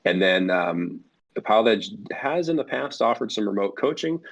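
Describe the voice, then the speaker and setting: A man's voice: fairly low pitch, lively intonation, normal speed. A man speaking as a guest for a flight sim network in a casual podcast interview, rambling with many fillers and restarts. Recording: dull lo-fi audio.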